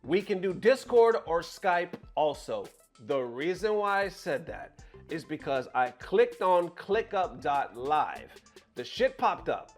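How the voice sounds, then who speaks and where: A man, a content creator, telling a story to camera from his bedroom in a casual, profane and exasperated way. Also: a little high. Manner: animated, profane, exasperated retelling.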